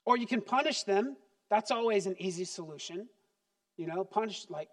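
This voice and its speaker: A man preaching a sermon as pastor, animated and acting out little scenes. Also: high voice, normal speed. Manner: animated, acts out parent and child voices.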